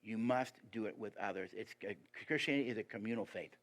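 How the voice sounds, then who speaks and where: Emphatic male guest preacher. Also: quick pace. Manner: asks the congregation rhetorical questions; lively and emphatic, pitch rising on key points. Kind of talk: sermon.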